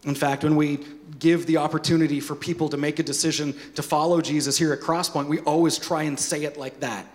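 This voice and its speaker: A man preaching a sermon as pastor, animated, with joking asides and repeated words. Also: on the high side, a little fast.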